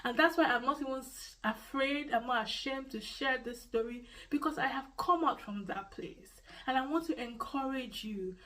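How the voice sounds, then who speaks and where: A woman with a Nigerian accent tells her own story to the camera in earnest. She repeats key phrases to stress them. Her voice sits somewhat high, and she is a little way back from the microphone. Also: normal speed, hardly any pauses, a bit bright, recorded from a distance, poor audio. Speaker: vlogger. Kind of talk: personal storytelling vlog.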